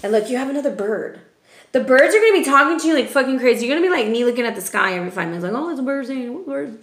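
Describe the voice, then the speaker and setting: A woman's voice: fairly high pitch, lively intonation, rapid-fire, fairly bright tone. A woman giving a casual tarot reading, chatty and profane, often ending remarks with "okay?". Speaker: tarot reader. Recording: roomy echo.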